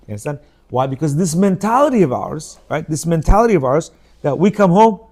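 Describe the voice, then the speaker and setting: Middle-aged Bukharian-accented man, fairly high voice, informal lecturer who keeps asking his listeners questions. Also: brisk. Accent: Bukharian Jewish. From Uzbekistan. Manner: animated, asks listeners rhetorical questions. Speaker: Torah class teacher. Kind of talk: informal religious class talk.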